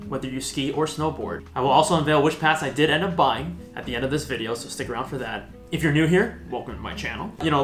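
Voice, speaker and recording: A man's voice: medium pitch, fairly bright tone. A man hosting a casual vlog, chatty and upbeat, with self-mocking asides. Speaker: host. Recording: roomy echo.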